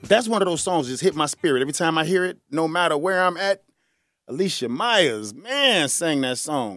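A man hosts a casual solo podcast in a fairly high voice that swings up and down. He jokes, laughs often and slips into snatches of song, calling his listeners y'all. The sound is close and dry. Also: moderate pace, dry recording, faint music behind. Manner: animated and joking, laughs often, breaks into bits of song; folksy slang, addresses listeners as y'all. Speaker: podcast host.

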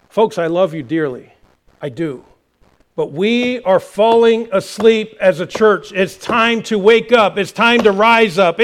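A high-pitched man delivers a sermon from the pulpit. He preaches with passion, now and then rising to shouts. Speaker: pastor.

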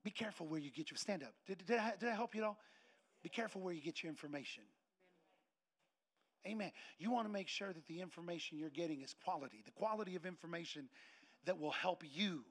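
A middle-aged man, a pastor, preaching a sermon in a lively anecdotal way and acting out the voices of people in his stories. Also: high-pitched, fast. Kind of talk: storytelling sermon.

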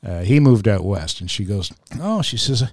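Animated middle-aged man, dry sound. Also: lowish voice, moderate pace, no echo. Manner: animated storyteller, acts out quoted voices. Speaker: podcast co-host. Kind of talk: casual chat.

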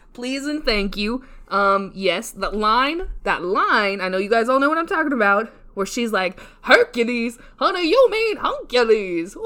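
A woman's voice: medium pitch, bright, forceful tone. A woman hosting her podcast alone while drunk, rambling, laughing and trailing off between thoughts. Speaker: podcast host. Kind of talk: casual solo review chat. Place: home, seated.

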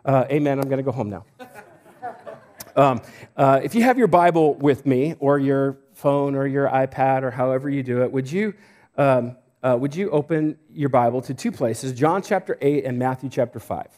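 A man's voice: medium pitch, normal speed, darkish tone. A man preaching as a visiting pastor, speaking conversationally with jokes, fillers and restarts before a church. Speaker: guest pastor. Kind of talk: sermon. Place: church sanctuary.

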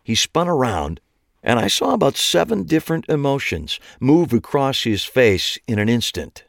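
A man narrating a first-person audiobook in a wry, expressive way. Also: medium pitch, normal speed, gravelly, no echo, clean studio sound.

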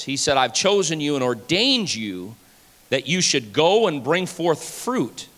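Male pastor, high bright voice, fervent preaching, reverberant hall. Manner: fervent preaching, rising to shouts. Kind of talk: sermon. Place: church sanctuary.

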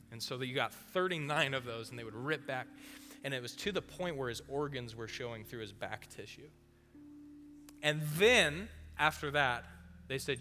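Bright-voiced preacher in a reverberant hall. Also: male voice, medium pitch. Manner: animated storytelling, acting out voices. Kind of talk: sermon. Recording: long hall reverb with faint music.

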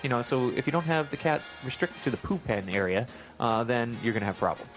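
A man's voice: medium pitch, animated, fairly quick, a bit bright, soft background music. A man hosting a radio call-in show, giving friendly, practical advice.

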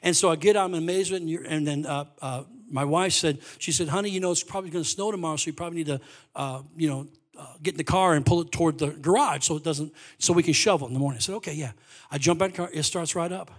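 High-voiced pastor preaching a lively testimony. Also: male voice, fast. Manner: animated testimony, swings from quiet asides to loud exclaims. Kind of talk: sermon storytelling.

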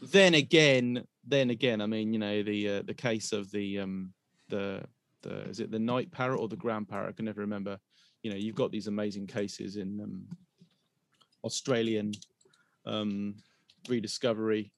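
A man's voice: lowish voice, little pitch movement, normal speed, vocal fry, no room sound. A man hosting a podcast in a casual, rambling way, trailing into hesitations and breaking into laughter. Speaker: podcast host.

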